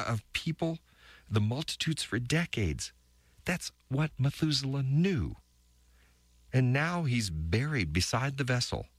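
A man voicing the weary, bitter wife of an ark builder, reading her diary entries with halting, stammered restarts. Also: medium pitch, dry recording. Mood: frustrated.

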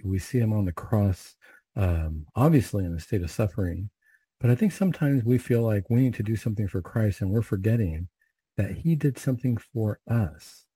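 Middle-aged male prayer leader, slightly low voice, dry close sound, unhurried and conversational. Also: warm tone, breathy edge, dry recording, low-quality recording. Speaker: Catholic prayer leader and speaker. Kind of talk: recited prayers then reflective spiritual talk.

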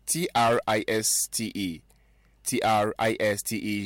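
A man gives a French lesson in a low voice, taking his time. He repeats each phrase and spells it out letter by letter. The sound is dry and close, with no room around it. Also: fairly even intonation, no room sound. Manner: patient, repeats and spells words slowly. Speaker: French teacher. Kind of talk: spoken language lesson.

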